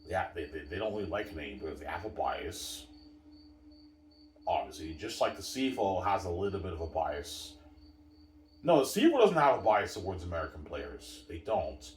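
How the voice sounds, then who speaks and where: A man's voice: low-pitched, big pitch swings, normal speed, slight background noise. A man giving a rambling, emphatic sports monologue, repeating himself and turning to his viewers to drive each point home. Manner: repetitive, emphatic, keeps saying obviously and addressing viewers. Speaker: sports commentator. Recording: roomy sound from a distant mic.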